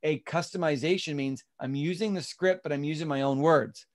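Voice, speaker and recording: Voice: mid-range voice, moderate pace. An instructor teaching an online class over a video call, explaining step by step and acting out sample lines. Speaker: real estate class instructor.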